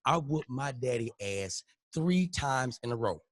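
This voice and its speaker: A man with a Louisiana accent on a podcast, telling a profane, lively story and acting out every quote. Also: medium pitch, unhurried, no echo, clean studio sound. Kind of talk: animated comedic storytelling.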